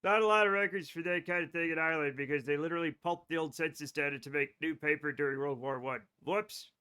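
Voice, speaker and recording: Bright-voiced man rambling on a stream. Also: a little high, fast talker, clear, resonant tone. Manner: rambling, chatty, swears freely, talks to chat. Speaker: game streamer. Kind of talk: casual live-stream chat while playing.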